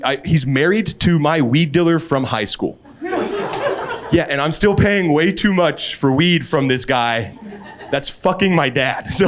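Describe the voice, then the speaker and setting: A man doing a stand-up set on a club stage, springing into loud acted quotes. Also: very noisy. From Texas. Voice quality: animated, jumps high into acted quotes. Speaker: stand-up comedian. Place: comedy club stage, laughing crowd. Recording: live club with loud crowd laughter.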